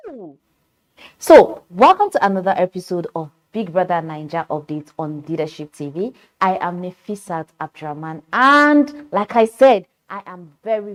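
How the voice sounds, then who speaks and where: A woman with a Nigerian accent hosting a reality-show recap, talking emphatically and repeating points for effect. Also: lowish voice. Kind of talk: opinionated entertainment commentary.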